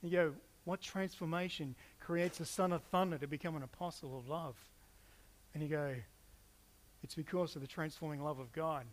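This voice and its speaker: High-voiced animated preacher man. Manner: animated storytelling, acts out quotes with playful asides. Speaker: pastor. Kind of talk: sermon.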